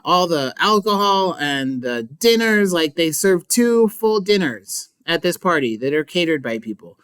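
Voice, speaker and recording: Chatty teacher, smooth dry voice. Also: mid-range voice, fairly bright tone, dry recording. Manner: chatty, lots of "like" and asides; playful, mock-dramatic. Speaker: English teacher. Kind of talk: casual book recap.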